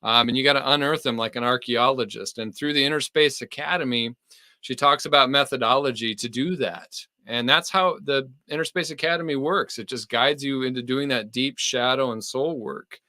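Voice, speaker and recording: A man's voice: mid-range voice, moderate pace, pushed and bright, no room sound. A man co-hosting a casual spiritual podcast, talking in a flowing, enthusiastic and slightly preachy way.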